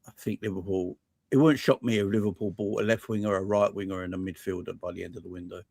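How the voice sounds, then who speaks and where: A lower-voiced man speaks in a measured, slightly hesitant way in casual discussion. His voice sounds dry and close to the mic. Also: steady tone, creaky, darkish tone, no room sound. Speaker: co-host on a fan show.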